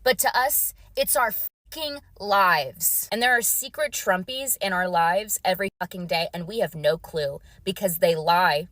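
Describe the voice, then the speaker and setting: A woman's voice: on the low side, unhurried, fairly bright tone, dry recording. A woman delivering an intense, bitter monologue to the camera. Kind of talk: angry direct-to-camera monologue.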